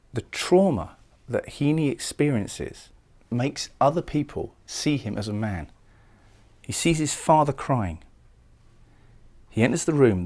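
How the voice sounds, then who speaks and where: A man's voice: mid-range voice, darkish tone. A man giving a recorded poetry lecture, explaining lines of a poem and often repeating words as he goes. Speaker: literature lecturer.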